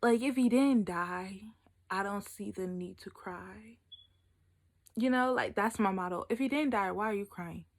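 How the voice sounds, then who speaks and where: A woman's voice: medium pitch, unhurried. A young woman telling a story in a playful, dramatic vlog style, full of asides and "like". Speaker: vlogger.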